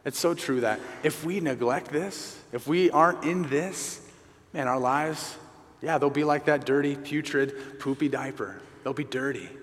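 A man's voice: mid-range voice, measured pace, a bit bright. A man delivers a sermon in an earnest, conversational way, leaning on repetition to drive points home. His mid-range voice carries a long echo, as if recorded in a large hall. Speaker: pastor at a men's gathering. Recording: reverberant hall.

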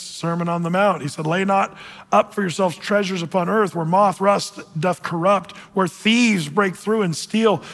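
A man's voice: sits high, a bit bright. A man preaching a casual sermon to a men's group, reading scripture aloud in old-fashioned wording. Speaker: pastor. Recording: long hall reverb.

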